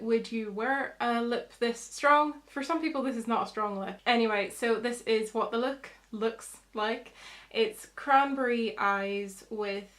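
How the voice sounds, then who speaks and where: A young woman, chatting through a makeup tutorial as a beauty vlogger, explaining each step. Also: a little high.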